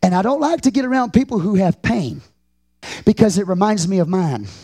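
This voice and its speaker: A male pastor with a Texan accent, preaching a sermon. His voice sits high for a man, and he swings from hushed, intimate stretches to sudden shouted climaxes. The sound is close and dry. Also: expressive, fairly quick, slightly rough, no room sound.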